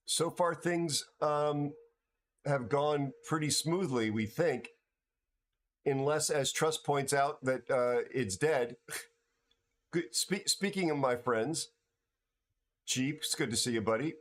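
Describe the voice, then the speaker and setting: Tired, halting American man. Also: fairly high pitch, fairly bright tone, slight background noise. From United States. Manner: rambling, halting, many restarts and fillers. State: tired from no sleep. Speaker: livestream host. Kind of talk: casual livestream chat with viewers.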